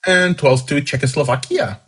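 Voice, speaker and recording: Reading each voter's points aloud for a fan song contest, this man keeps things casual, chatty and upbeat about the scores, dropping in asides as he goes. His voice is a little high, fairly bright and husky, at normal speed, on a low-quality recording.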